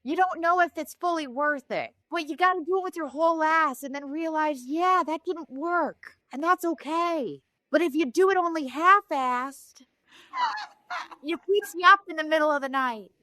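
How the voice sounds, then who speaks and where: High breathy dreamy actress voice, woman imitating, soft drawl, dry close sound. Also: moderate pace, dry recording. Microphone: remote recording.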